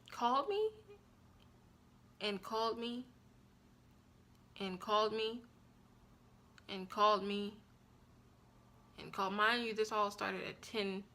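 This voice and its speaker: A young woman telling a personal story on her vlog in a frank, blunt and profane way, with an animated and expressive delivery. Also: mid-range voice. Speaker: vlogger.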